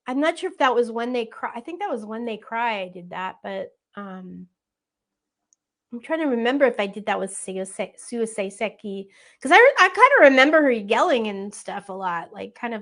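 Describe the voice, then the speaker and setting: A woman's voice: fairly high pitch, animated, normal speed, a bit bright. A woman in her sixties with a youthful-sounding voice, chatting as a guest in an interview and laughing often. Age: 60s. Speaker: voice actress guest. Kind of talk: casual interview chat.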